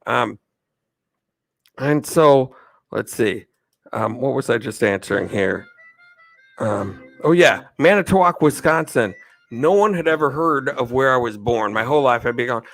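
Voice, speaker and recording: A man's voice: medium pitch, lively intonation, measured pace, gravelly, a bit bright, dry recording, faint music behind, low-quality recording. A man hosting a live stream, answering chat questions in a chatty way, laughing often and losing his train of thought. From United States. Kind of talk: casual chat.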